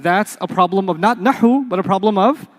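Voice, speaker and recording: High-voiced man teaching in an echoing hall. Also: brisk. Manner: quizzing the class with call-and-response questions; playful, jokey examples. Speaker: Arabic teacher. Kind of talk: classroom lecture.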